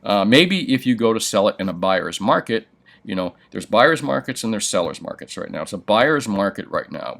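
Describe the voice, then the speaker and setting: Older man, coin dealer hosting a live chat, low-pitched, blunt and salty, opinionated, answers viewer questions off the cuff. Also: fairly bright tone. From United States. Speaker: coin shop owner and host. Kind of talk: livestream chat reading viewer comments. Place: his coin shop.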